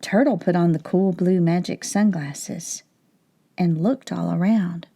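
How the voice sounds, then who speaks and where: A woman teacher reading a picture book aloud to young children, slowly and clearly, pausing to ask them questions. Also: mid-range voice, warm tone. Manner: slow, clear, asks questions of child viewers.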